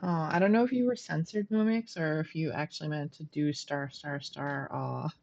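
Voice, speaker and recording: A woman's voice: low-pitched, moderate pace, gravelly, a little mellow, lo-fi sound. A middle-aged woman streaming a game from home, chatting casually, laughing often and poking fun at herself. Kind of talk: casual gameplay commentary.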